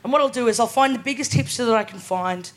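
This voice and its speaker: A woman's voice: on the high side, fast talker. A woman in her twenties with an Australian accent doing a live stand-up set, casual and cheeky, often tagging lines with "right?". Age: 20s. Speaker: stand-up comedian. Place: live comedy venue.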